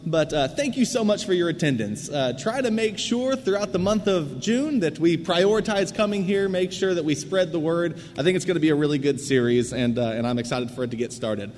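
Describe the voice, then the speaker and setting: Man, church service leader, friendly and halting, frequent fillers, slightly high voice, long hall reverb. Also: darkish tone. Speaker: church service leader introducing the guest preacher. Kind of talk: church announcements and introduction. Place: church sanctuary.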